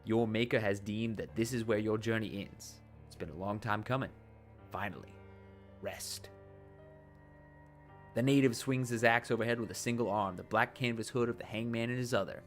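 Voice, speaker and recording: Low-voiced guy reading game text all dramatic, chatty side comments, soft music under it. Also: steady tone, normal speed. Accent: put-on accent while narrating. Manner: dramatic narration broken by casual asides. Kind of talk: reading game text aloud with casual asides.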